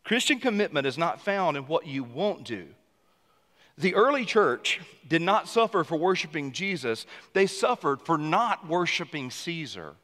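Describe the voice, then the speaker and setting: A man preaching a sermon as senior pastor, animated and bursting into loud passages. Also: fairly high pitch, measured pace, long reverb tail. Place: church sanctuary.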